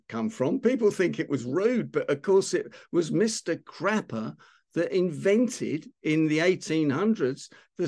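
A man's voice: a little high, darkish tone. An older man with a London Cockney accent hosts a casual online session. He talks in a chatty, playful way and quizzes his listeners on slang. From London, England. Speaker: host of an online talk session. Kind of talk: casual hosted chat on slang.

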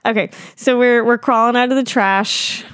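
A woman's voice: on the high side, fairly even intonation, normal speed, a bit bright, clean tone, dry recording, clean studio sound. A young woman co-hosting a podcast in casual chat, playful and giggly, often breaking into silly voices. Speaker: podcast co-host.

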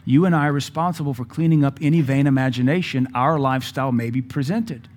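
Male pastor, conversational sermon, storytelling, medium pitch. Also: fast, darkish tone. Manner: quotes scripture in old English.

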